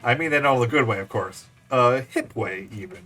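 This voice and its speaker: A man hosts a let's-play, reading the game's story text aloud with playful, animated delivery. His voice is bright and swings widely in pitch, with faint background music underneath. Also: brisk. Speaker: gaming channel host.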